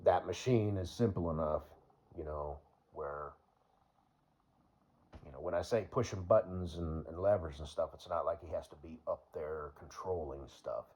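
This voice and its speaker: A man's voice: sits low, normal speed, a little mellow. A man vlogging in a casual, rambling way, full of fillers and laughing at his own jokes. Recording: dull lo-fi recording.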